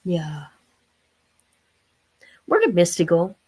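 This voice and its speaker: A woman's voice: on the low side, huge pitch swings, takes it slowly, mellow, husky. An older woman hosting a casual livestream, rambling and talking straight to her viewers. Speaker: livestream host.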